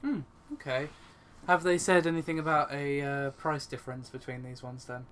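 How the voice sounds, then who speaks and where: A man's voice: fairly high pitch, steady tone, moderate pace, a bit bright, a little hiss or hum. A man hosting a casual tech podcast, wry and often laughing as he tells a story. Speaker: podcast host.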